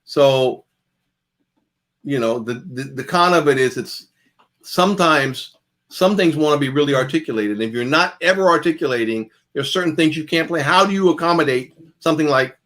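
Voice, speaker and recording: A man's voice: a little high, animated, normal speed, a bit bright. A man giving a jazz guitar masterclass, talking casually and calling out picking strokes as he demonstrates. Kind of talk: masterclass lecture.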